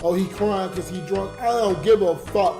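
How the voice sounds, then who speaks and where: A man's voice: high-pitched, moderate pace. A drunk man livestreaming as a comedian, talking to his viewers in a raw, emotional rant. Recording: roomy echo with music behind.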